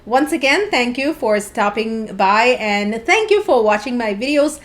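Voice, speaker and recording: Woman teaching phonics, fairly high voice. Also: lively intonation, measured pace. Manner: clear, careful sounding-out of syllables. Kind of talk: instructional video narration.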